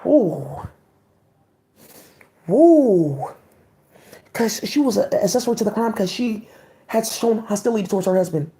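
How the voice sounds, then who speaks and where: A woman reads old court records aloud in a soft, mellow voice of middling pitch. She keeps stopping to react in loose, slangy asides before going back to the text. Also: quick pace. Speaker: vlogger reading old court cases. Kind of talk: reading aloud with casual commentary.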